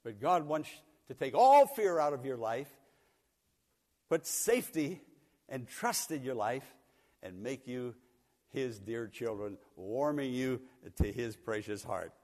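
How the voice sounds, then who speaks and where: A man's voice: medium pitch, sing-song, takes it slowly, mellow, in a large hall. An older man from Pennsylvania preaching a sermon, telling a folksy story and chuckling often. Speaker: pastor. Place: church sanctuary.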